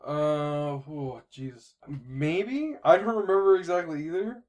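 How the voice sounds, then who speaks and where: A man's voice: fairly high pitch, animated, measured pace, a little mellow. A man co-hosting a casual podcast, chiming in with hesitant remarks. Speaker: podcast co-host. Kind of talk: casual chat.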